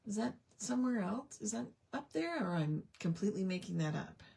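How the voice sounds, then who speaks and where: A woman's voice: medium pitch, sing-song, a little fast, creaky, a little mellow, slightly rough. A woman hosting a casual livestream crafting chat, talking with friends and muttering to herself as she works. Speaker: craft show host.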